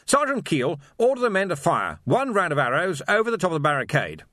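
A man's voice: a little high, sing-song, brisk, bright, forceful tone, no echo, clean studio sound, pitched above the performer's own voice, full character voice. A man voicing a pompous, stiff-necked army captain who gives clipped, haughty orders.

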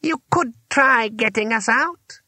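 Man doing a slow haughty old wizard. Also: very high voice, pushed and bright, no echo, voice pushed up, exaggerated voice. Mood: condescending. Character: pompous old male wizard teacher behind a door.

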